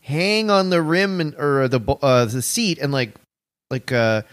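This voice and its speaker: A man's voice: medium pitch, a little slow, a bit bright. A young man co-hosting a podcast in casual comedic chat, wry and rambling, easily amused. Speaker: podcast co-host.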